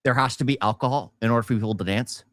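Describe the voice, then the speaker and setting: A man's voice: mid-range voice, rapid-fire, fairly bright tone, no echo, clean studio sound. A married man co-hosting a casual podcast, chatty and laughing often. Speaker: podcast co-host. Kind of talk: casual chat.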